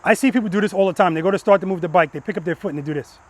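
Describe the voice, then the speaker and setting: A man's voice: sits high, very fast. A man teaching motorcycle riding outdoors, emphatic and repetitive, chanting cue words in rhythm and tagging his points with "right?". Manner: peppers instructions with "right?". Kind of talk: hands-on coaching in a riding lesson. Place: outdoor practice lot with cones.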